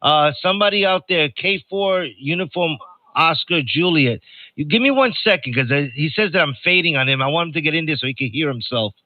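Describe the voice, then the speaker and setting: A man's voice: a little high, lively intonation, brisk, dry recording, narrow, tinny audio. An older man from New York hosting a ham radio net in chatty, joking casual talk, reading out call signs. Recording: noisy radio transmission.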